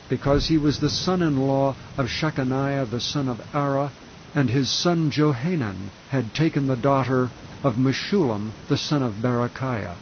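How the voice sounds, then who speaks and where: A man reading scripture aloud in a slow, even, measured way, calm enough for sleep. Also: medium pitch, muffled recording, a little hiss or hum. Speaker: scripture reader. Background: faint rain sound.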